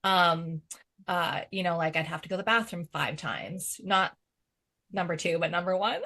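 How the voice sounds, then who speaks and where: A woman's voice: fairly low pitch, normal speed, bright, forceful tone, slight background noise. A woman medium on a podcast panel, chatting casually with lots of fillers and laughter. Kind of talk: casual chat.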